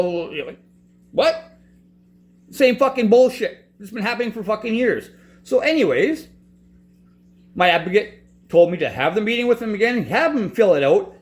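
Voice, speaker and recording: A man with a noticeably high voice rants in frustration. He swears constantly and keeps breaking off and restarting his sentences as he tells his own story. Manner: profane, frustrated, restarts often. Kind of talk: angry personal rant.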